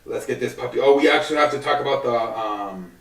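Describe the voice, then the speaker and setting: Talking fast at medium pitch, a man runs a casual solo sports podcast full of rambling, cursing, and restarts. He sounds distant from the mic in an echoey room.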